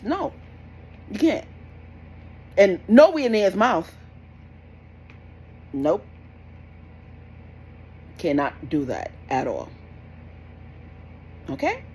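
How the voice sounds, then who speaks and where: A woman's voice: on the low side, a little mellow, poor audio. Young woman ranting blunt parenting advice, scolds and repeats herself, little hiss behind. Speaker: parenting vlogger. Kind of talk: casual advice rant to camera.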